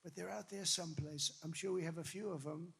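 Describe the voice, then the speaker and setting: Gravelly, emphatic man at a rally. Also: on the high side, brisk. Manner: emphatic, repetitive, rambling asides, bursts of shouting. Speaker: political candidate addressing supporters. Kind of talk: campaign rally speech. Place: large rally venue with crowd. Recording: long reverb from a rally venue.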